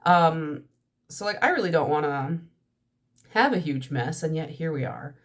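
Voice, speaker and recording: Young woman vlogger, congested and nasal, lower-pitched, stream-of-consciousness casual chat. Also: expressive, a little slow. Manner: chatty stream-of-consciousness talk. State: stuffy nose, nasal from allergies. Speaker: nail polish vlogger.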